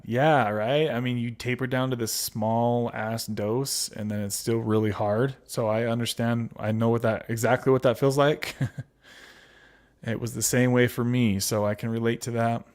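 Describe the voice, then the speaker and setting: A man hosting a casual livestream, reading viewer comments aloud and answering them with fillers and laughs. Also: mid-range voice. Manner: chatty with frequent fillers and laughs. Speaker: livestream host.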